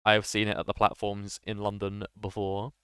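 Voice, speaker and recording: A man's voice: lowish voice, completely flat delivery, normal speed, fairly bright tone, clean tone, no echo, studio quality. A man streaming a game, chatting casually and laughing between lines, with many fillers. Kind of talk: casual gaming commentary.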